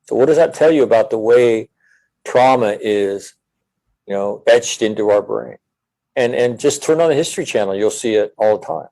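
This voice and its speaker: A man's voice: lowish voice, creaky, dark tone, poor audio. A middle-aged man who is a military veteran, talking earnestly and reflectively in a casual podcast conversation. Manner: earnest, reflective, speaks in measured phrases.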